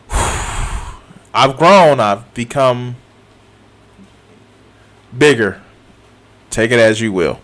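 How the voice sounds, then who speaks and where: Reacting to a video, a streamer in his thirties talks with an expressive, mid-range voice that is fairly bright and extremely slow, full of long pauses. His commentary is casual, and he swears often, laughs, and repeats himself.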